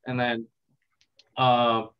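A young man giving a casual interview as a content creator, talking in a relaxed, rambling, reflective way. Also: medium pitch, very slow, smooth. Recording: dull lo-fi sound.

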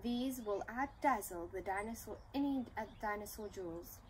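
A woman's voice: mid-range voice, normal speed, a little hiss or hum, natural voice, rough recording. A woman voicing a bossy female fairy dinosaur in a storybook reading, in a grand, commanding manner.

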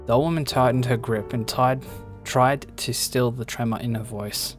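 A man reading a game's story text aloud with a steady storytelling delivery. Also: mid-range voice, moderate pace, few pauses, faint music behind. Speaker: reader of game story text.

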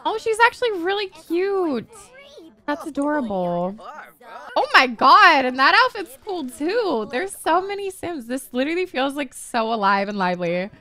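Bubbly, high-pitched young woman gamer. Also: big pitch swings, measured pace, bright, forceful tone. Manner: bubbly, gushing, casual swearing, lots of "like". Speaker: gaming streamer. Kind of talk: casual gameplay commentary.

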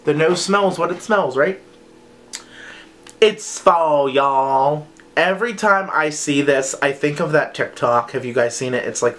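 A young man talks casually to his viewers, rambling along and dropping "like" every few words. His voice sits at an everyday pitch. A faint hum of room ambience runs underneath. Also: fairly bright tone. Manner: chatty, rambling, says "like" often. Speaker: vlogger reviewing wax melts. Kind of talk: casual chat to camera.

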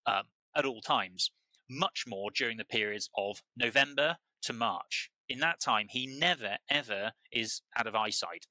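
A man with a British accent, a truffle grower chatting as a podcast guest, telling stories in a rambling, animated way with frequent restarts and repeated words. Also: medium pitch, dry recording, low-quality recording. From United Kingdom. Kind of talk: casual conversational storytelling.

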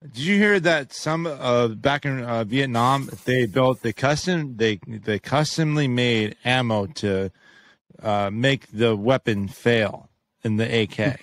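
A man's voice: medium pitch, dry recording. Rambling guy on a casual podcast. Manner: rambling, halting, frequent restarts and swearing. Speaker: podcast co-host. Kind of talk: casual chat.

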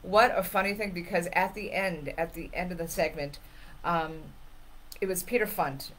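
Lively storytelling woman, lowish voice. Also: normal speed, slight background noise, poor audio. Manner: animated, laughs while telling stories, acts out quotes. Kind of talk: casual chat, storytelling.

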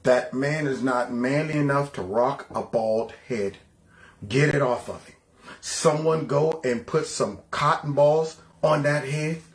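A man's voice: medium pitch, a little slow. A man hosting a political reaction show with sarcastic, mocking commentary. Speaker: commentary host.

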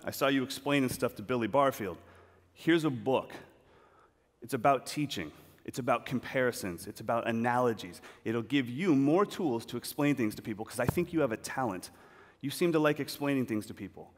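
A man's voice: medium pitch, expressive, fairly quick, lightly acted. A man voicing a brusque, impatient school gym coach who barks short orders. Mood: encouraging. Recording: reverberant hall.

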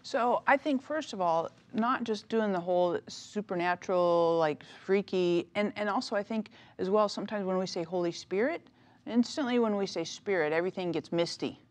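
A middle-aged woman, an author and minister, chatting as a talk-show guest, telling stories with animated energy and frequent laughter. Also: medium pitch, normal speed. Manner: animated storytelling, laughs often. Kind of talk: casual talk-show interview.

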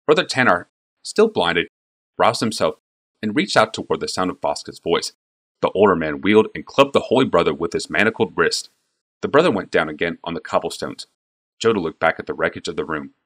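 A man narrates a fantasy novel with an expressive, storytelling delivery. His voice is deep, and his pitch moves lively through the action. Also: fairly quick, breathy edge. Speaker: audiobook narrator. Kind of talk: scripted narration.

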